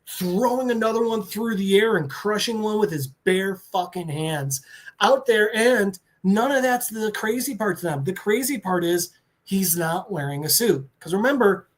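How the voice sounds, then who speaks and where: A man on a podcast, recapping a comic book story with excitement and swearing, briefly voicing the characters. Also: high voice. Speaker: podcast co-host.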